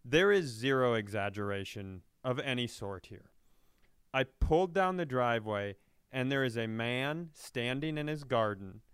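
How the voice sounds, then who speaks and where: A middle-aged man, a stand-up comedian, telling a long story in casual chat, animated and profane, laughing as he talks. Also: mid-range voice, a little slow, smooth, no echo, clean studio sound. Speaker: stand-up comedian, podcast guest.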